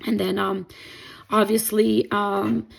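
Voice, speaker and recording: A woman's voice: medium pitch, flat delivery, slow pace, gravelly. A young adult woman telling a personal faith testimony, emotional and rambling with many fillers. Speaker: testimony vlogger.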